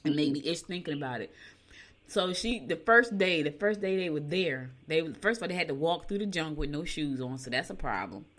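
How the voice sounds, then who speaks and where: An older woman hosting a show from a home studio, chatting casually and reading horoscopes with lively storytelling asides. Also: sits low, a little fast. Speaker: radio show host.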